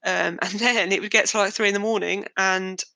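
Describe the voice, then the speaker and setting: A woman's voice: medium pitch, steady tone, brisk, gravelly, pushed and bright, no echo, poor audio. A young woman, hosting a podcast and telling her own story in a candid, wry, darkly joking way. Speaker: podcast host. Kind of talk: personal storytelling monologue.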